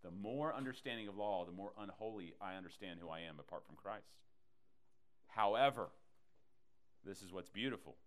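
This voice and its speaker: A man preaching a sermon to a congregation. He teaches in an animated way and acts out the people in his stories. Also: low voice, normal speed, long pauses. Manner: animated preaching, acting out voices in quotes. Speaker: pastor.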